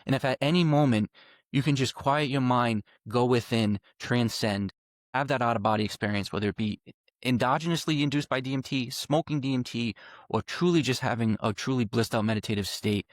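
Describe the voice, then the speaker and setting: A man's voice: mid-range voice, brisk, dry recording, studio quality. A man telling a personal story as a podcast guest, earnest and emphatic, piling up repeated phrases and swearing now and then.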